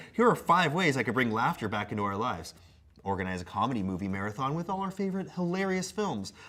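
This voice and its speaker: Man, comedic read-aloud, animated voice, mid pitch, theatrical. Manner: theatrical, breaks into amused laughter at asides. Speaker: co-host. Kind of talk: comedic reading of a letter aloud.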